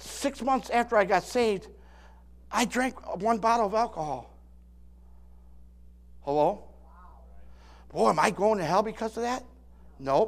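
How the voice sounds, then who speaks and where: Emphatic preacher man in his sixties. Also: high-pitched. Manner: emphatic preaching with call-and-response asides; repeats and restarts words often. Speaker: pastor. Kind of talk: sermon.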